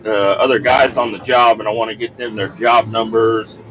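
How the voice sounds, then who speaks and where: A man's voice: lowish voice, moderate pace, highs cut off, slight background noise. A man telling a work story as a podcast host, casual and profane, acting out what people said. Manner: profane, animated storytelling, acts out quoted dialogue.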